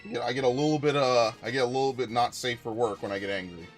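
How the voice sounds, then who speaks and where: A man's voice: mid-range voice, fairly even intonation, quick pace, soft background music. A man live-streaming a video game, ranting angrily with lots of swearing and stumbling restarts. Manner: angry profane ranting with repeated restarts. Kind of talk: live gameplay stream commentary.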